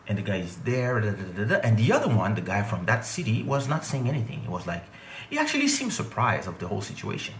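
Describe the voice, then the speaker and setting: A man from DR Congo, telling a storytime vlog with animated, emphatic delivery. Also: lowish voice, fast talker, slight background noise. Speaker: vlogger and singer. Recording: echoey room.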